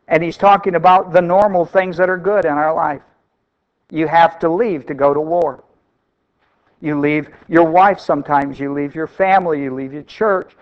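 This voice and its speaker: A man's voice: sits high, highs cut off. A male pastor preaching a sermon, emphatic and repeating key phrases for stress.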